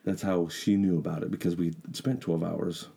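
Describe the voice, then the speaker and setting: A middle-aged man co-hosting a podcast, sick and coughing, telling stories in a halting, rambling way. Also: deep voice, level tone, gravelly, warm tone, slightly rough. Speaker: podcast co-host. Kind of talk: casual chat.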